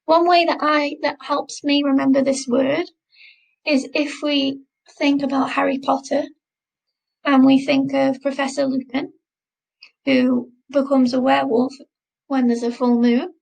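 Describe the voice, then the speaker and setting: A woman teacher with a high, slightly gravelly voice leads a French lesson. She speaks slowly and carefully, repeating each word so learners can copy it. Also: flat delivery, rough recording. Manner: slow, careful pronunciation drills, repeating words. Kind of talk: recorded classroom lesson.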